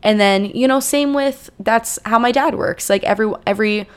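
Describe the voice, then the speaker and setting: On her podcast, a young host with a higher, clear, resonant voice offers advice at a moderate pace. Her delivery is relaxed and conversational, sprinkled with fillers and side remarks as though chatting with a friend.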